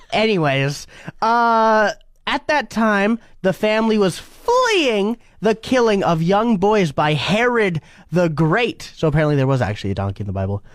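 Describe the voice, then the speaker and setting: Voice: mid-range voice, unhurried, no echo. A podcast co-host chatting casually, teasing and joking. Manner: teasing, jokey, animated. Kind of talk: casual chat.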